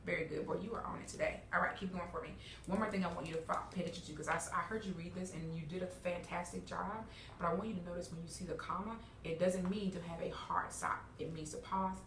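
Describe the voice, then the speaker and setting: A woman's voice: on the low side, steady tone, quick pace, fairly bright tone, slight background noise. Woman teacher, roomy classroom, far from mic. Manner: encouraging, checks in with "okay?" and "all right?". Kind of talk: classroom instruction.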